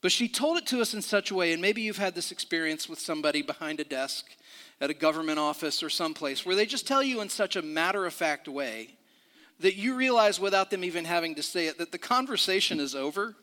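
A man's voice: sits high, animated, brisk, bright, forceful tone, in a large hall. A middle-aged man preaching a sermon in a church, talking conversationally with restarts and questions to the room. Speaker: pastor. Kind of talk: sermon with a personal story.

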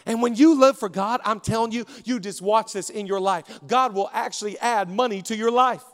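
A male pastor preaching a sermon with rhythmic repetition, swinging between shouted peaks and hushed stretches. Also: high-pitched, steady tone, moderate pace, in a large hall. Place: church auditorium.

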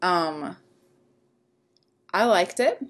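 A woman's voice: lowish voice, expressive, very slow, a bit bright. A woman co-hosting a podcast, chatting casually in a wry, rambling way with plenty of fillers. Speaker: podcast co-host. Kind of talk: casual chat.

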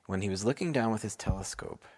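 A man improvising a bedtime story for his children, unhurried and asking them questions along the way. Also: fairly low pitch, a little mellow, slightly rough.

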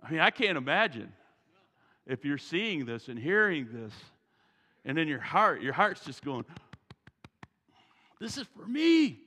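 A pastor preaching a sermon in a church, animated and folksy, with joking asides, on a worn mic. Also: male voice, a little high, normal speed. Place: church sanctuary. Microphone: wearing a mic. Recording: reverberant church hall.

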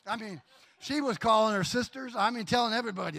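A middle-aged man preaching a sermon, telling a personal story in a lively, animated way and acting out voices. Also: sits high, fast talker, creaky. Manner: animated storyteller, acts out voices, laughs often. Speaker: pastor.

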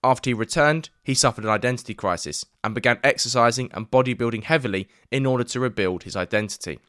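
A man's voice: mid-range voice, fast talker, fairly bright tone, no echo. Man, podcast host, matey banter, dry sound. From East London. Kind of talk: podcast interview. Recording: dry remote podcast recording.

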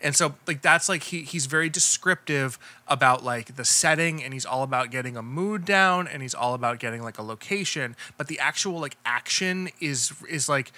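Male podcast co-host, very bright tone, dry close mic, chatty and rambling. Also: mid-range voice, normal speed, hardly any pauses, no room sound. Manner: rambling, chatty, frequent fillers and restarts. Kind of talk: casual film review chat.

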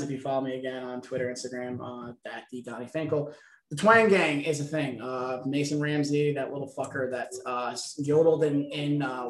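A man hosting a casual podcast chat, joking around and swearing freely. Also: on the high side. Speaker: podcast host. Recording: roomy echo.

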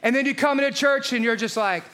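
High-voiced, fired-up male preacher. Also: quick pace. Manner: energetic, animated preaching with frequent shouted lines; rhetorical questions to the congregation. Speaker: pastor. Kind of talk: sermon.

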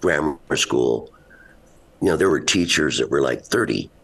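A man's voice: rumbling low, animated, moderate pace, vocal fry, a bit bright, breathy edge. A man in his seventies, a rock musician, telling rambling stories in a casual interview and laughing often. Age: 70s.

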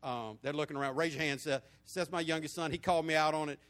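High-voiced preacher in his fifties. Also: fast talker. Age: 50s. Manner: animated storytelling preaching, swinging between loud and hushed. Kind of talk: sermon.

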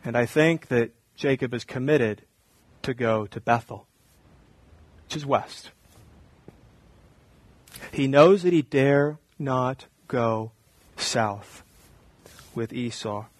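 A man, a pastor, preaching a sermon, shifting from quiet reflective teaching to loud mocking mimicry. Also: medium pitch, no echo.

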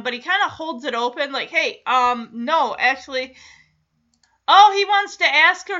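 A woman's voice: high-pitched, bright, forceful tone. A young woman animatedly recapping a TV episode in a gossipy, teasing way, often laughing. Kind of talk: casual chatty episode recap. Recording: dull lo-fi audio.

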